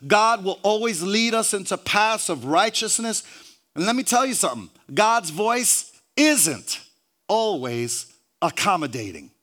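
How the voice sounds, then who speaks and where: This preacher speaks high in his range and is very animated, though he keeps a measured pace. Hallelujahs punctuate his lines as he trips over and repeats words, banters with the congregation, and climbs into shouts.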